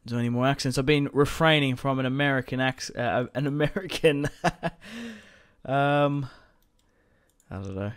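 A man's voice: medium pitch, a bit bright, clean tone. A young man casually commenting on a strategy game as he plays, rambling and chatty, often laughing to himself. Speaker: gaming commentator.

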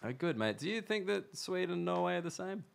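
A man's voice: sits high, big pitch swings, a little fast, gravelly. An Australian man hosting a comedy podcast, telling rambling anecdotes full of swearing in casual chat.

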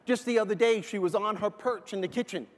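A man with a high, bright-sounding voice delivers a funny motivational talk, animated and energetic as he tells stories. His voice bounces around a large hall with long reverb. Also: a little fast. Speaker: motivational speaker. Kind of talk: humorous keynote stand-up.

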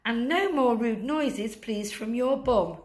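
A strict little Christmas elf from a storybook, scolding with firm emphasis, put on by a woman. The words come out slow and deliberate, then jump higher when the warnings get urgent. Shushing and stern.

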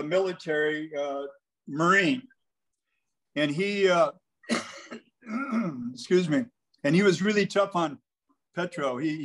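A man's voice: fairly high pitch, fairly bright tone. An older man, a basketball coach and guest, telling anecdotes casually over a call and acting out the quotes in his stories.

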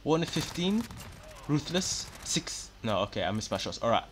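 A man and gaming YouTuber giving excited gameplay commentary, hyped and exclaiming often, voice a bit worn. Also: mid-range voice, normal speed, a little hiss or hum. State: losing his voice a little.

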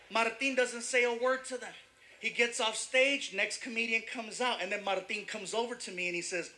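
A man doing stand-up comedy, telling an animated story and shouting some punchlines. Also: sits high, moderate pace, a little hiss or hum.

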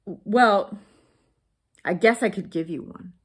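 A woman voicing a grumpy, prickly male cactus who yells gruffly at visitors. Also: mid-range voice, slow. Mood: awkward.

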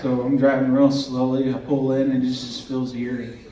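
A man's voice: mid-range voice, flat delivery, dark tone, slight background noise. Earnest man telling a ghost story. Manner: earnest, unhurried storytelling with religious language. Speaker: host telling a personal story. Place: indoor event room. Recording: roomy, distant, dull recording with faint ambience.

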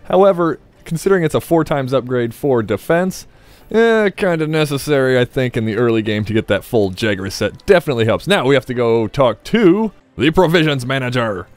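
A man's voice: mid-range voice, lively intonation, a little fast, no echo. A man casually commenting on his gameplay as a Let's Play host, rambling and joking with his viewers. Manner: rambling, jokey, talks to viewers.

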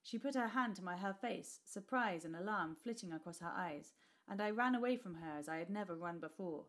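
Woman teacher, reading a novel aloud, expressive, slightly low voice. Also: brisk. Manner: expressive storytelling.

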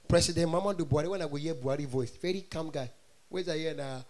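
A man with a Nigerian accent doing stand-up comedy, animated and often breaking into mock singing. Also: on the high side, quick pace.

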